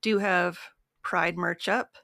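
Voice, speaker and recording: Woman co-hosting a podcast, kinda hoarse and gravelly today, chatty, dips to a whisper for asides. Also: lowish voice, steady tone, slow, pushed and bright, dry recording, studio quality. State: a bit hoarse. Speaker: podcast host. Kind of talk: casual chat.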